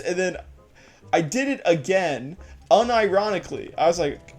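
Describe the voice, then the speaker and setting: A man's voice: high-pitched, very animated, normal speed, soft background music. A man casually commentating his gameplay, rambling and laughing at himself. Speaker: let's play host.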